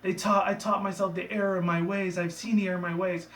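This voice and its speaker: A man voicing an eager, sycophantic male cartoon pony with a high, fawning voice. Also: flat delivery, fast, fairly bright tone, reverberant, far from the mic.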